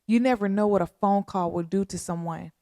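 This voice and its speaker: A woman hosting a podcast, making a heartfelt spoken appeal in a slow, earnest, pleading way with a lot of repetition. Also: mid-range voice, warm tone, dry recording, studio quality. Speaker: podcast host.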